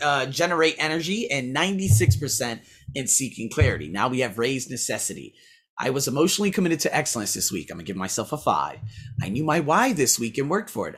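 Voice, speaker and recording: A man's voice: fairly high pitch, pushed and bright. A man who teaches, talking through a casual weekly self-review, rambling and blunt, swearing freely as he scores himself aloud.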